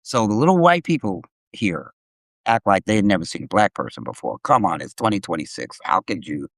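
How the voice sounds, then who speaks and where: Animated, profane middle-aged man storyteller. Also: on the low side, a little fast, creaky, no echo. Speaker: live stream host. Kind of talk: casual storytelling chat.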